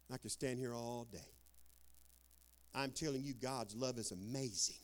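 Dramatic storytelling preacher. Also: male voice, mid-range voice, moderate pace, pauses often. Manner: dramatic, swinging from hushed to loud. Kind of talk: sermon with storytelling.

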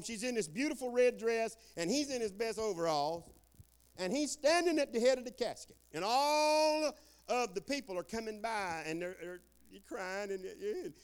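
A man preaching a sermon in a folksy storytelling way, joking with the congregation and dropping into quiet asides. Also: high-pitched, clear, resonant tone. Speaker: guest preacher.

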